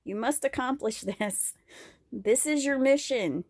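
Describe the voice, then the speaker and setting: Creaky-voiced woman rambling candidly. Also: sits high, measured pace, a little mellow, dry recording, clean studio sound. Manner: candid, profane, laughs often. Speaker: vlogger. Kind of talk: casual rambling monologue.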